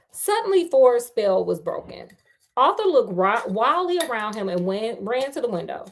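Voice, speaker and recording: A woman with a fairly high, very animated voice reads a novel aloud in a casual way at normal speed. She's a storyteller who keeps stopping for playful, chatty asides.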